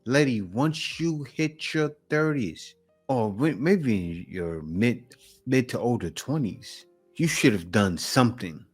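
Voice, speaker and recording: Animated blunt man reacting. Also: medium pitch, takes it slowly, breathy edge, faint music behind. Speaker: reaction video host. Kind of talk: casual commentary.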